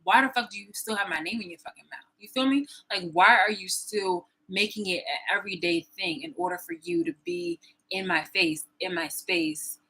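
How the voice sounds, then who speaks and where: Bright, husky-voiced woman ranting. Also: medium pitch, big pitch swings, normal speed, rough recording. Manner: profane, confrontational, repeats herself. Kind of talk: angry personal vlog rant.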